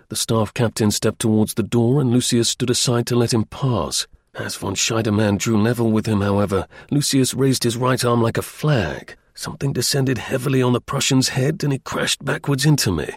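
A man with a husky, medium-pitched voice narrates a first-person adventure audiobook in a measured, even storytelling style. The recording is dry and clean, studio-made.

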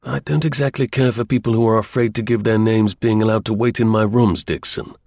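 A man reading the part of a blunt, restless young gentleman, in a clipped upper-class manner. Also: on the low side, steady tone, brisk, no room sound, clean studio sound.

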